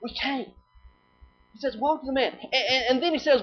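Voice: high voice, normal speed, pauses often, slightly rough. A preacher giving a sermon, asking the listeners rhetorical questions, repeating phrases and quoting scripture in old-fashioned wording. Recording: dull lo-fi recording with faint music.

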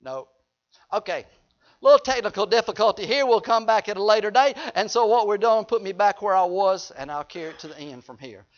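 A man's voice: high voice, animated, brisk. A man preaching a sermon in a folksy way, joking with the congregation. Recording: dull lo-fi recording.

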